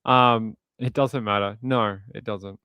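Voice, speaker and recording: A man with an Australian accent hosting a livestream and reading viewer comments in a relaxed way. He repeats himself often and chuckles between thoughts. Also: fairly low pitch, takes it slowly, smooth, no room sound. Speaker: livestream host. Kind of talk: casual live chat reading viewer comments.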